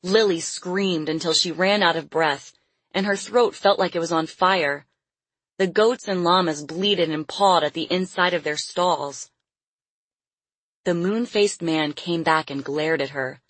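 A woman narrating a novel as an audiobook in a steady reading voice. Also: lowish voice, a little slow, no echo. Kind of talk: scripted narration.

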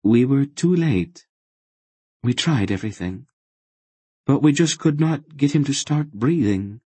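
A man voicing a calm grown woman sorceress who speaks softly and firmly. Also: mid-range voice, husky, no echo, pitched above the performer's own voice. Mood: sad. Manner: soft, measured, sorrowful.

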